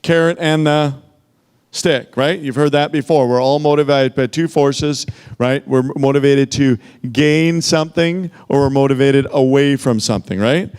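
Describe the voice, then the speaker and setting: Here a man of medium pitch and moderate pace sounds clear, resonant, and a bit dark. He's giving a rousing sales training on a handheld mic, emphatic throughout and forever asking rhetorical "okay?" and "right?" questions.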